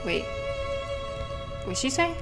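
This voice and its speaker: A woman's voice: slow pace, rough recording. A woman hosting a let's play, reading game text aloud and commenting in a casual, wry, self-deprecating way. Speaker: gaming channel host. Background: game music.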